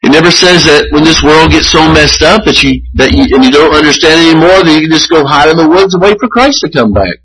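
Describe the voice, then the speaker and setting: A male pastor delivers a sermon in an earnest, measured way, often circling back to restart a phrase. His voice sits a little high and carries a strongly husky, breathy grain. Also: a bit bright, rough recording.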